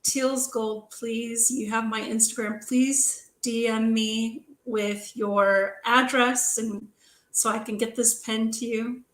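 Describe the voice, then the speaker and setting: A woman's voice: a little high, fairly even intonation, takes it slowly, fairly bright tone, echoey room, poor audio. A woman co-hosting a live pen show stream, chatting casually, trailing off and restarting, and swearing now and then.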